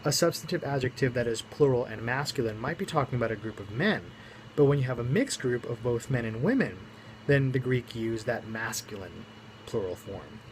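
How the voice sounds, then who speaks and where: A man's voice: mid-range voice, expressive, normal speed, slight background noise, low-quality recording. A man teaching Greek grammar in a recorded lesson, explaining each point step by step and muttering small self-corrections.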